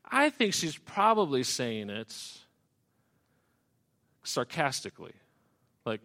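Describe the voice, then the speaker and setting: A man's voice: mid-range voice, wildly swooping pitch, slow pace, pauses often, pushed and bright. A man preaching a sermon, walking through a scripture passage verse by verse and adding conversational asides. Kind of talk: expository sermon.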